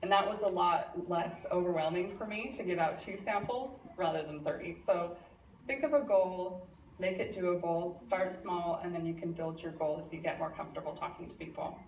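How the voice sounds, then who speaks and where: A chatty, encouraging middle-aged woman leads a sales workshop, her voice sitting slightly low. She is recorded from a distance in a reverberant room, with steady noise underneath. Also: normal speed. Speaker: sales trainer. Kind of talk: live workshop presentation. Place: presentation room. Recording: echoey room from afar, audible noise.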